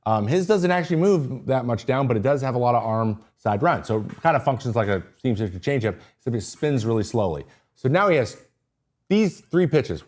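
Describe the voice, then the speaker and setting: A male podcast host giving a casual livestream breakdown of pitchers, excitable and easily sidetracked, often interrupting himself.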